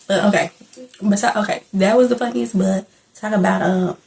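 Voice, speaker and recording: A woman's voice: mid-range voice, steady tone, moderate pace, creaky, a little mellow, rough recording. Young woman talking movies on her channel, loose and chatty, keeps cracking up. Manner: chatty and rambling, often breaking into laughter. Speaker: movie reviewer. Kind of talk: casual reaction vlog.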